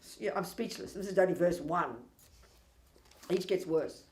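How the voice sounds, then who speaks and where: A woman's voice: fairly low pitch, normal speed. Emphatic woman teacher in an echoey hall. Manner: animated, emphatic, provocative and ironic. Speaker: Buddhist teacher. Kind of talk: dharma teaching. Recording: echoey room.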